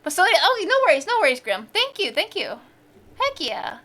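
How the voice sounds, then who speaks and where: A woman's voice: very high voice, sing-song, normal speed, sharp tone. A woman from the central United States chatting casually on a live stream, bubbly and giggly, with sudden squeals.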